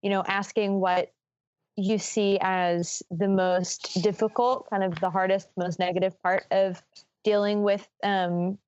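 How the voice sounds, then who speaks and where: A woman's voice: mid-range voice, level tone, unhurried, a little mellow, clear, resonant tone, highs cut off. A woman co-hosting a podcast, speaking casually and hesitantly as she searches for her words. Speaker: podcast co-host.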